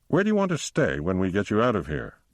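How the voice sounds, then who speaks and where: A man's voice: lowish voice, wildly swooping pitch, fast talker, no echo. A man reading the part of a distraught husband who pleads and breaks with grief in an audiobook. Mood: gentle. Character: distraught husband, trying to stay strong.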